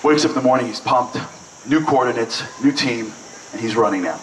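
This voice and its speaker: A man's voice: medium pitch, a little fast, echoey room, far from the mic, a little hiss or hum, low-quality recording. A man telling a story at a breakfast event, acting out the people in it. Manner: animated, acts out quoted voices. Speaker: speaker. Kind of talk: storytelling speech. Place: event hall.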